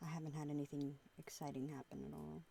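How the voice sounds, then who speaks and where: A woman streamer in casual group chat, telling stories with animated quoted voices. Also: sits low, fast, creaky, a little hiss or hum.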